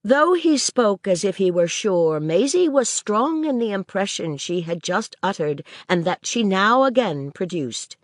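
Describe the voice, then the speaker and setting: Slow, lively woman narrating. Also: medium pitch, no room sound, clean studio sound. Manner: measured, expressive. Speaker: audiobook narrator. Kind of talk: scripted narration of a classic novel.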